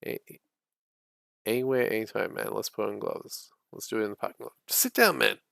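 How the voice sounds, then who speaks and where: A man's voice: fairly low pitch, fairly quick, vocal fry, sharp tone, exaggerated voice. A man doing a hot-headed country singer, put-on drawl. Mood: furious. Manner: weak put-on southern drawl, swearing.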